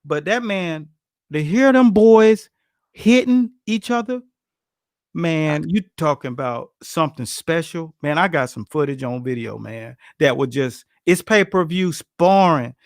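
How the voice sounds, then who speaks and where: A man, a boxing coach, telling gym stories in a casual, animated chat full of slang and acted-out quotes. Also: fairly high pitch, unhurried, no room sound, clean studio sound. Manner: animated, slangy, acts out quotes with grunts and laughs.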